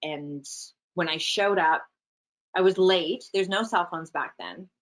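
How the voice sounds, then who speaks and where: Chatty, animated woman storyteller. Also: on the low side, poor audio. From Canada. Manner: animated, chatty, quick asides. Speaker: actress, guest. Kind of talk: casual interview storytelling.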